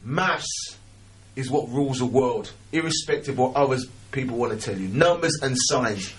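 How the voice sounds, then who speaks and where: Earnest halting man on radio. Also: mid-range voice, expressive. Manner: earnest, encouraging, halting with repeated words. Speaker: radio guest, maths teacher. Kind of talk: casual radio chat.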